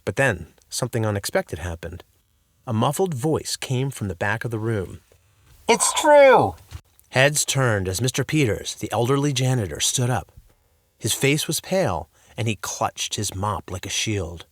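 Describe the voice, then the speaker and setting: A man's voice: fairly low pitch, lively intonation, moderate pace, fairly bright tone, no room sound. A man narrating a children's story in a playful, scripted storybook reading, in a dry close-mic recording.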